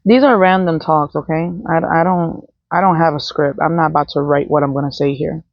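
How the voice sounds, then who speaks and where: A woman's voice: low voice, fairly even intonation, fairly quick, dry recording. A woman talking in a blunt, profane, rambling unscripted monologue as a vlogger. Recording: dull, dry, lo-fi sound.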